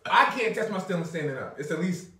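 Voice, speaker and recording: A man in his thirties, a podcast co-host, spins a story in a casual chat, peppering it with curses and laughter. His voice is bright and animated. He sits back from the mic in an echoey room. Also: high voice, quick pace. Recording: roomy, distant mic.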